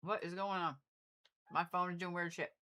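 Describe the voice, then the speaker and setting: A woman's voice: fairly low pitch, steady tone, moderate pace, bright, forceful tone. A woman astrologer hosting a live reading, joking and swearing casually as she explains a birth chart. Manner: loose, joking, swears freely. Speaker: astrologer host.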